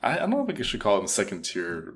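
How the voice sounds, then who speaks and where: Low-voiced chatty podcast co-host. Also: male voice, wildly swooping pitch, fast, a bit bright, a little hiss or hum. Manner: chatty, giggly, rambling with restarts. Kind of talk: casual chat.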